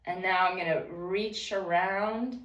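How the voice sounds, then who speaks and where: A woman talking calmly and breathily while she stretches and breathes, walking through her routine in a room at home. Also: on the low side, slow, distant mic. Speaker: vlogger leading a stretching routine. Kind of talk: casual narrated stretching session. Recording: echoey room, away from the mic.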